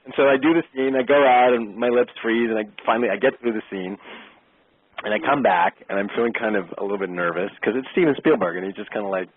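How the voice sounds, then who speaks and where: A middle-aged man, an actor and interview guest, telling a lively anecdote and acting out the exchanges he describes. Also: on the low side, fast talker, a little hiss or hum. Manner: lively storyteller who acts out quoted exchanges. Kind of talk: casual storytelling anecdote. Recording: tinny phone-line sound, dry.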